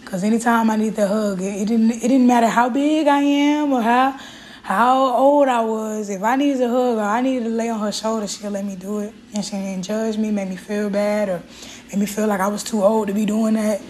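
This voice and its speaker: A woman's voice: a little high, steady tone, moderate pace, darkish tone, slight background noise, poor audio. A woman hosting her own show, talking openly and with feeling about her life, with frequent fillers and restarts. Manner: candid and emotional, with fillers and restarts. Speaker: podcast host. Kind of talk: casual personal talk.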